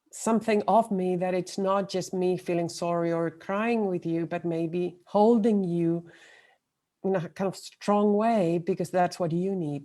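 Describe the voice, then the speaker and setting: A woman commenting on a webinar, thoughtful and pausing often. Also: fairly low pitch, mellow. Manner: thoughtful, with pauses and ums. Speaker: webinar participant. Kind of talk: casual comment on a video call.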